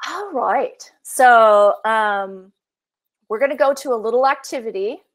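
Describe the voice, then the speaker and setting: A woman's voice: a little high, animated, a little slow. A middle-aged woman psychologist leading a workshop in a casual, conversational way, full of "you know" and "like".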